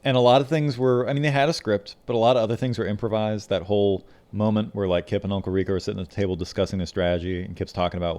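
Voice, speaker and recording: A man's voice: fairly low pitch, little pitch movement, racing, few pauses, darkish tone. A man co-hosting a podcast, casually retelling behind-the-scenes anecdotes about a film, slipping into quoted voices. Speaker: podcast co-host. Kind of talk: casual chat.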